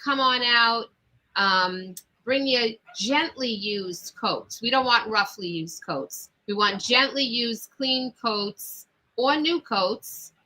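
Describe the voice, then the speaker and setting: Brief: Long Island woman co-host, slightly high, brash and teasing. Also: takes it slowly, pushed and bright, rough recording. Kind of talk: casual chat.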